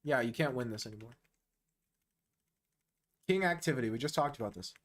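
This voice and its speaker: A man giving casual live chess commentary on a stream, with a voice of ordinary middle pitch. He is excitable and slangy and talks straight at the player as if coaching a friend. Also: brisk.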